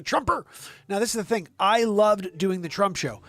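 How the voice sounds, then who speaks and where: A man's voice: high-pitched, moderate pace, a bit bright. A man hosting his own online show, ranting about politics in a heated, profane and sarcastic way.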